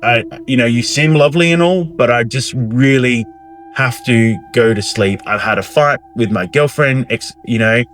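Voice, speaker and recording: A man's voice: mid-range voice, moderate pace, a bit bright, close to an everyday voice. A man doing a flustered young traveler. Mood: apologetic. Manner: apologetic, flustered. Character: nervous young man turning down a stranger.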